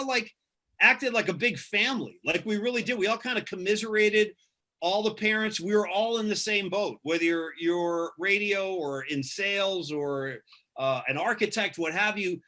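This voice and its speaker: A man's voice: sits high, pushed and bright. A man who works as a radio host, answering interview questions in an earnest, casual way and often repeating himself for emphasis.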